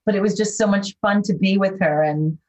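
An older actress with a faint New York accent, chatting warmly and enthusiastically as a guest, with lots of fillers. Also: female voice, medium pitch, a little fast. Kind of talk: casual interview chat. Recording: dull, lo-fi sound.

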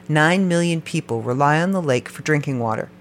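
Animated podcast host, playful asides. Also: brisk, slight background noise. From Canada. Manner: reads facts, then breaks off into playful, joking asides; animated, with sudden jumps up and down in pitch. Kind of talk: podcast narration read from notes.

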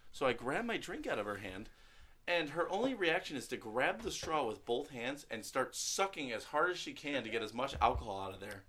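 A man's voice: a little fast, husky. A young man telling stories as a podcast host, swearing and jumping into mocking voices. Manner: animated storyteller, swearing, jumps into high mocking voices. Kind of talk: casual podcast banter.

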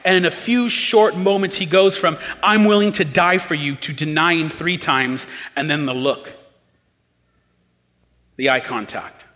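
A man preaching a sermon as pastor, earnest, rising to emphatic pleas and dropping low and quiet. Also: long reverb tail.

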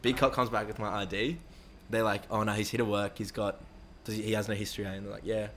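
A man's voice: on the low side, level tone, fast, a bit bright, a little hiss or hum. A young man telling a rambling story in casual, sweary talk, acting out quoted voices. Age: young adult. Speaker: interviewee.

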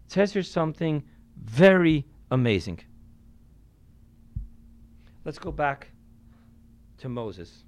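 A rabbi delivering a sermon in a smooth, resonant voice that sits a little high for a man. He preaches emphatically, swinging between loud and quiet, and drops in Yiddish and Hebrew religious terms. The sound is dry and close. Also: sing-song, takes it slowly, pauses often, no room sound.

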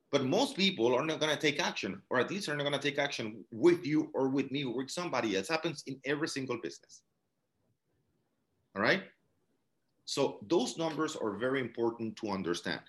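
Animated man coaching a sales team. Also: medium pitch. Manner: emphatic, keeps checking in with rhetorical questions. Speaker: real estate sales coach. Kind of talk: team training talk.

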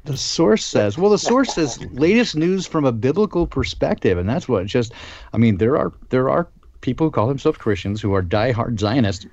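A man's voice: medium pitch, very animated, moderate pace, a little mellow, dull audio. A man hosting a casual live-stream discussion, talking with many ums and restarts. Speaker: host.

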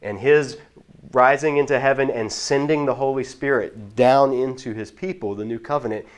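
A man teaching about the Bible in a relaxed, explanatory way, often restarting his sentences. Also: medium pitch, normal speed. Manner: explanatory, with frequent restarts and repeated words. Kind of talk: casual teaching talk.

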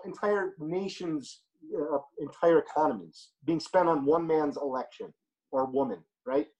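A man's voice: sits high, a little mellow, muffled recording. A man in a casual podcast chat, blunt and opinionated, swearing freely as he argues his points.

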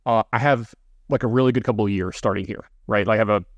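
A man's voice: fairly low pitch, fast, no room sound, muffled recording. A man co-hosting a podcast, telling long casual anecdotes full of fillers and asides. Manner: rambling, filler-heavy anecdotes. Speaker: podcast co-host. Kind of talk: casual storytelling.

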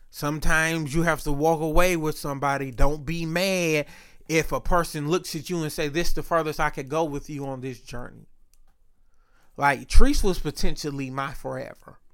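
A man's voice: on the high side, fairly bright tone. A man talking in a casual monologue, rambling, profane and often interrupting himself.

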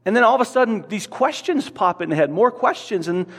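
A male pastor delivers a sermon in an earnest way, doubling back on words as he presses each point. His voice sits a little high for a man. The sound carries the long echo of a church hall. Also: expressive, fairly quick, a bit bright. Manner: earnest, repeats words while building a point. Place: church sanctuary.

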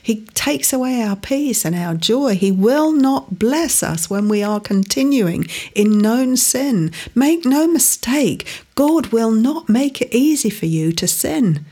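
A woman's voice: on the high side, lively intonation, slow, few pauses, warm tone, husky. A woman preaching a sermon, teaching earnestly from scripture with emphatic rising stresses.

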